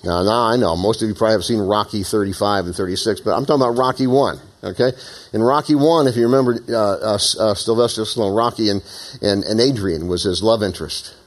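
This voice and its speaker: A man preaching a sermon in an animated, conversational way, with frequent asides. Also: on the low side, fast talker. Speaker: pastor. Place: church meeting in an opera house.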